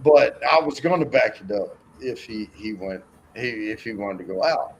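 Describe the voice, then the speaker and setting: A man's voice: on the low side, normal speed, slight background noise, poor audio. A man telling rambling, profane stories in a casual chat and acting out the voices in them. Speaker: co-host.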